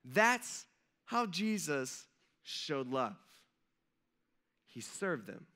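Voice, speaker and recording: A man's voice: fairly high pitch, a bit bright. A man, a pastor, preaching a casual sermon and acting out the lines of biblical figures in a conversational way. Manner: conversational, acts out dialogue voices. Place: church sanctuary.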